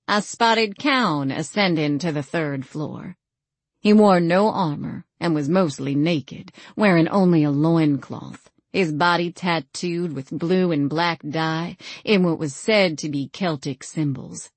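Low, slow-paced woman narrating. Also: no echo. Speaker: audiobook narrator. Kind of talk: first-person scripted narration.

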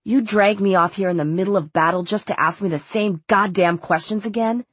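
A woman's voice: medium pitch, brisk, husky, dry recording, close to an everyday voice. A woman voicing a curt, sarcastic teenage boy. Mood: angry.

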